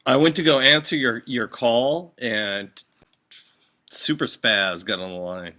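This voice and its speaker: A man's voice: mid-range voice, measured pace, pushed and bright. A man who calls himself old, hosting a casual, rambling video-call chat and swearing freely. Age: older. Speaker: show host.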